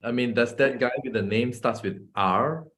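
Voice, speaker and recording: A woman's voice: rumbling low, moderate pace, slight background noise. A woman hosting a livestream, chiming in with short reactions and casual comments. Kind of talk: casual chat.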